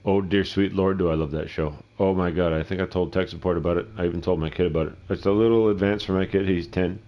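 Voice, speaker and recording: A middle-aged man with a very low voice rambles through a casual gameplay session. He swears freely and wanders between stories, now and then talking back to himself. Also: steady tone, quick pace, muffled recording. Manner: profane, rambling, talks to himself. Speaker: gameplay streamer.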